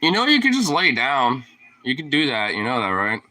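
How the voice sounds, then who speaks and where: A man's voice: mid-range voice, wildly swooping pitch, normal speed, bright, forceful tone. A young man casually filming his dog and teasing it in playful baby talk.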